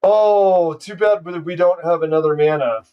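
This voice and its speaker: High-voiced man ranting at a card game. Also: moderate pace, smooth, distant mic, highs cut off. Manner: ranting, profane trash talk at the opponent. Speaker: streamer. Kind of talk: live gameplay commentary.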